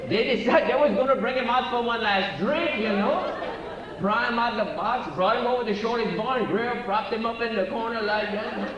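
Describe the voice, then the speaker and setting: A man's voice: very high-pitched, moderate pace, muffled recording, a crowd in the background. A man with a Cajun accent telling a comic story on a theater stage, drawling and folksy. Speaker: comedian. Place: theater stage before an audience. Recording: very echoey hall, from far off, faint noise.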